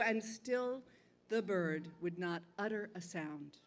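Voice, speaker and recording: A middle-aged woman storyteller telling a folktale live in a museum theater, with dramatic, expressive delivery. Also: a little high, moderate pace. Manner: expressive, dramatic shifts between calm and loud.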